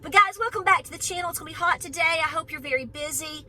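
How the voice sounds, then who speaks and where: A woman's voice: very high voice, fast talker, pushed and bright, slight background noise, poor audio. A middle-aged woman from Knoxville with an East Tennessee Southern accent, chatting casually and outspokenly to camera as host of her homestead channel. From Knoxville, Tennessee, USA. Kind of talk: casual vlog chat to camera. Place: on her farm, about to go for a run.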